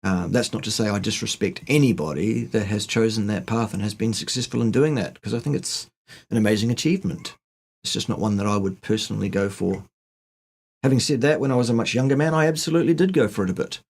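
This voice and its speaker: A middle-aged man with a low, husky voice co-hosts a relaxed live question-and-answer stream. He answers plainly and bluntly, slipping in teasing jokes. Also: fast talker. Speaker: co-host answering viewer questions. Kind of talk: casual live Q&A chat.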